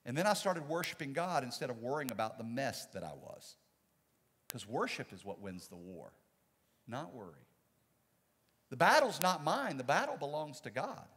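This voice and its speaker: A man, a pastor, preaching a sermon with dynamic swings from loud to soft. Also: mid-range voice, very animated, moderate pace, slightly rough, in a large hall. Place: church sanctuary.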